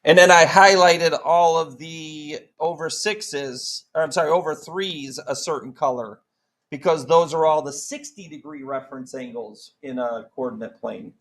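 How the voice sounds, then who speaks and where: A man's voice: a little high, normal speed, fairly bright tone, low-quality recording. Joking man teaching a math class. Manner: joking, quizzing students with countdowns. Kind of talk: classroom lesson.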